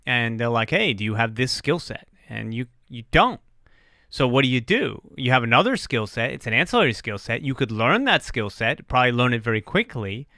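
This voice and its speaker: A man's voice: medium pitch, sharp tone, no echo, clean studio sound. A man hosting a casual podcast, rambling and joking at his own expense, swearing now and then. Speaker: podcast host. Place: streamed live on Twitch.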